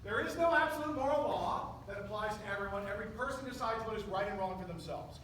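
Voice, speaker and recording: A man's voice: sits high, quick pace, fairly bright tone, a little hiss or hum. A middle-aged male pastor preaching a sermon, emphatic and full of rhetorical questions to his congregation. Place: church sanctuary. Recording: echoey church recording from a distance.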